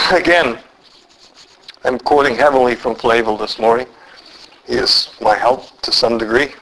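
A man preaching a sermon earnestly, often slowing down and climbing to emphatic peaks. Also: rough recording. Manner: lively pitch, slows down for emphasis.

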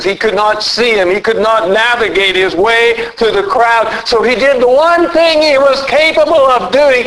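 A man with a fairly high voice preaches a sermon. He speaks earnestly and leans hard into key words. He slows down as his voice rises on the points he stresses. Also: a little hiss or hum, low-quality recording. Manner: earnest preaching, rising to emphatic peaks; lively pitch, slows down for emphasis.

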